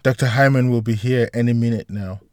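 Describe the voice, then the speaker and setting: A man voicing a calm reassuring woman doctor. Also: medium pitch, fairly quick, no room sound, studio quality, lightly acted. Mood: gentle. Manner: gentle, reassuring.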